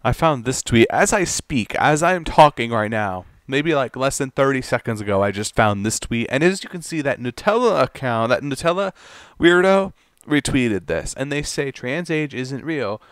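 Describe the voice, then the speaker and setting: A man's voice: mid-range voice, expressive, normal speed, a bit bright, smooth, dry recording, studio quality. A man ranting in commentary, exasperated and stammering, often repeating words as he reacts. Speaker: commentary YouTuber.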